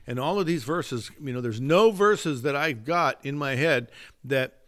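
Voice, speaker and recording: A man's voice: medium pitch, unhurried, fairly bright tone. A man who is a pastor, talking earnestly and emphatically in a casual faith discussion, slipping into a preaching tone.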